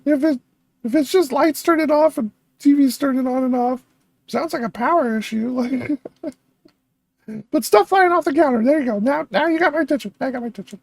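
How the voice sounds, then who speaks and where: A woman hosting a reaction video, thinking aloud with excitable chatter and frequent laughs. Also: high-pitched, fairly quick, vocal fry.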